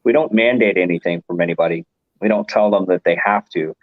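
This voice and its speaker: A man's voice: low-pitched, quick pace, no room sound. A man hosting a casual livestream chat, rambling along and chuckling often. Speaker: livestream host. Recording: dull, muffled stream audio.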